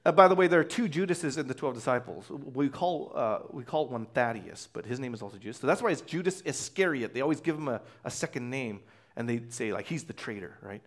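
A man's voice: mid-range voice, animated, brisk. A man preaching a conversational sermon as pastor, telling the story casually and acting out voices.

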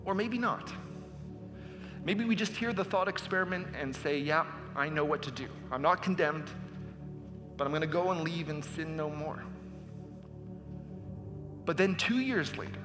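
A man's voice: high voice, big-room sound. A man preaching a sermon as pastor, earnest and building to emphatic appeals.

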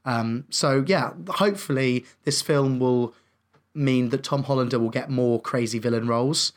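A young man with a mid-pitched voice, reviewing films in a relaxed chat. He talks hesitantly, restarts his sentences and adds fillers, yet he sounds warmly enthusiastic. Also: moderate pace. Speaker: film review podcast co-host. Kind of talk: casual chat.

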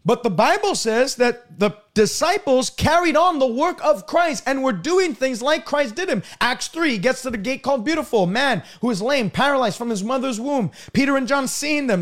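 A man preaching a sermon emphatically, swinging between loud high passages and low drawn-out ones. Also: animated.

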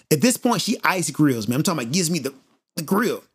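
A man hosting a podcast, telling a story in an animated, emphatic monologue and repeating points for effect. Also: fairly high pitch, quick pace, slightly rough. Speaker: podcast host.

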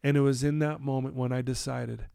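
A middle-aged man, a podcast guest telling his story in an animated way and acting out his own quoted lines. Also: mid-range voice, brisk, creaky, smooth, no echo, studio quality. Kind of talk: storytelling in a conversational interview.

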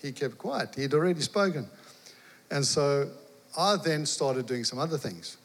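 Animated preacher in a reverberant hall. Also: male voice, mid-range voice, a little slow, breathy edge. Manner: animated storyteller, acts out dialogue, laughs. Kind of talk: storytelling sermon.

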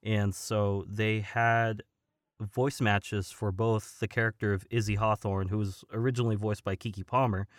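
A man who is a voice actor and stuntman, talking as a guest in a casual podcast interview, relaxed and rambling with many fillers. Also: fairly low pitch, measured pace, no echo, clean studio sound.

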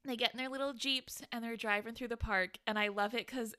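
A woman co-hosting a podcast in casual chat, gushing and excitable, often laughing as she recounts scenes. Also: on the high side, brisk, clean tone. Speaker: podcast co-host. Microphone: studio microphone.

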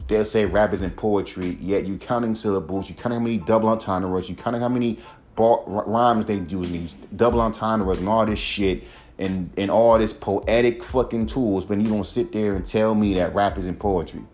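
A man's voice: fairly low pitch, steady tone, moderate pace, darkish tone, soft background music. A man hosting a solo podcast, ranting in a heated, profane way and mocking critics. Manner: profane, heated, mocks critics in put-on voices. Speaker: podcast host.

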